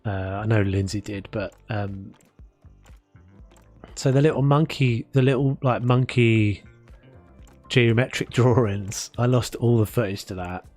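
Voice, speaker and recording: A man's voice: on the low side, unhurried, pauses often, darkish tone, faint music behind. A man with a South London accent chatting casually and rambling, self-mocking, while building in a game. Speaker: gaming streamer. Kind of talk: casual gameplay commentary.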